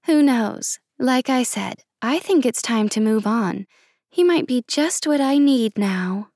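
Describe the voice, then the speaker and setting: A woman reading aloud and voicing a sharp, sarcastic young woman. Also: on the high side, lively intonation, takes it slowly, dry recording, clean studio sound, full character voice. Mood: playful. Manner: tart and sarcastic.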